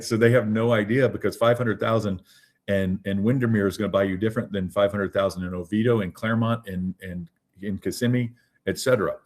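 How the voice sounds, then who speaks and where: A man teaches a group over a video call in a relaxed, conversational way. His voice sits on the low side, and he keeps checking in with "right?" while he rambles through examples. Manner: chatty, repeats "right?". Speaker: real estate coach. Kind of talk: online training session.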